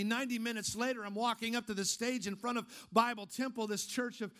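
A man preaching a sermon, firing off emphatic rhetorical questions and then dropping into a low, casual storytelling tone. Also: steady tone, quick pace, bright, forceful tone. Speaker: pastor.

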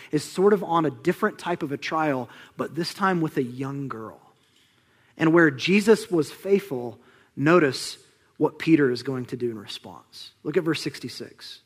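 Animated young man preaching a sermon. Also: fairly high pitch, moderate pace. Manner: animated, conversational preaching with dramatic drops to a hush. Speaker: pastor.

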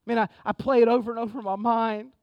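A man preaching a sermon in a conversational, energetic way, often saying "man". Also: extremely high pitch, fast talker, no room sound, lo-fi sound. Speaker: pastor. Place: church sanctuary.

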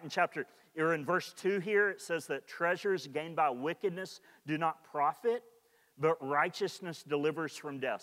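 Male pastor with a slightly high voice, preaching loosely and conversationally, recorded in a reverberant church hall. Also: fairly bright tone. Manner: conversational preaching with many restarts and "like", rising in energy. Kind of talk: sermon.

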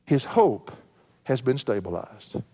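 A man's voice: medium pitch, very animated, slow pace, mellow. A man preaching an expository sermon as pastor, earnestly swelling and dropping his voice for emphasis.

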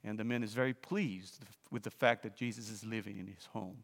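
A man preaching a sermon, telling a story with frequent restarts and fillers, then building to loud, emphatic appeals. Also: fairly low pitch, fairly even intonation, fairly quick, vocal fry, long reverb tail.

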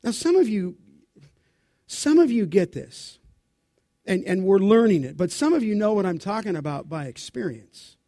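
High-pitched male preacher, dry sound. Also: big pitch swings, normal speed, no room sound. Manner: asks the congregation questions and answers them; dramatic Bible reading, rising loud for quotes. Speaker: pastor. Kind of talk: sermon. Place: church.

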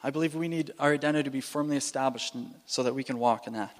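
A man preaching a sermon with animated, playful delivery, often restarting and repeating phrases. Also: mid-range voice, fast talker. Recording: long reverb in a hall.

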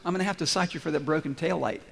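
Brisk stern traffic cop, as a preacher puts him on. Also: male voice, on the high side, vocal fry, breathy edge, long reverb tail. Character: stern male police officer writing tickets.

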